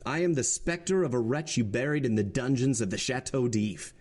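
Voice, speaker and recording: A man voicing a cold, calm, vengeful nobleman in disguise in a storybook reading, speaking in a measured, solemn way. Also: medium pitch, close to an everyday voice. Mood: grave.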